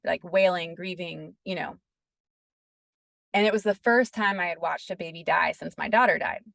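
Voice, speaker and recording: Gravelly-voiced woman telling a personal story. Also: on the low side, a bit bright, no room sound. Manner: earnest, peppers speech with "like". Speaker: podcast guest. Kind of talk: casual interview storytelling.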